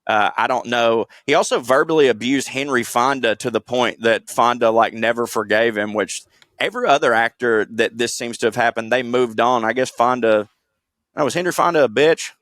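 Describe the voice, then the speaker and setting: A man's voice: medium pitch, normal speed, fairly bright tone, dry recording. Rambling, profane man on a podcast. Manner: rambling, profane, self-deprecating storytelling. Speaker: podcast co-host presenting history segment. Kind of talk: casual podcast chat.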